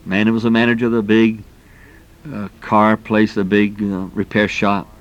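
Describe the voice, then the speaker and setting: A man's voice: on the low side, level tone, normal speed, muffled recording. A middle-aged man preaching a sermon in a folksy, emphatic way, peppering his talk with exclamations.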